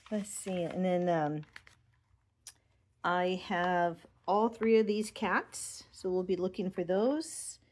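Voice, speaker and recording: A middle-aged woman, an Avon representative, speaks in a lowish voice, very slowly and with long pauses. She chats fondly at home beside her Christmas tree, thinking aloud as she shows off her ornaments in a casual home vlog.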